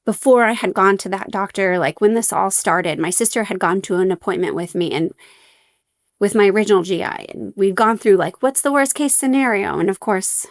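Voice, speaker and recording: A woman's voice: medium pitch, normal speed, no room sound, clean studio sound. A young adult woman, a podcast guest, telling her story candidly with wry humor and many fillers.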